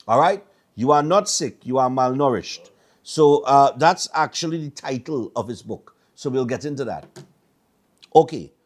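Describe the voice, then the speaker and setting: A man's voice: mid-range voice, darkish tone. A middle-aged man with a Trinidadian accent, hosting a morning show and telling stories in a casual, rambling way with stammered repeats. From Trinidad and Tobago. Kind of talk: casual chat.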